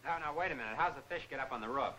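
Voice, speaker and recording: An actor playing a wisecracking sidekick who teases and questions a fool, in 1940s film comedy acting. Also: male voice, medium pitch, sharp tone, a little hiss or hum, lightly acted, poor audio. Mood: teasing. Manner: quick, teasing questioning.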